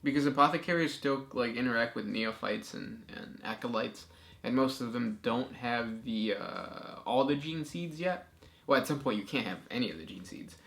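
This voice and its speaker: A young man co-hosting a casual chat, reading out viewer questions in a relaxed, agreeable way. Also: medium pitch, normal speed, vocal fry.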